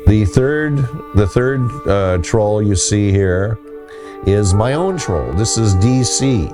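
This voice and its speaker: A man hosting a casual talk on folklore, telling a story in a rambling, halting way with many restarts. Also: lowish voice, animated, music in the background. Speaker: host.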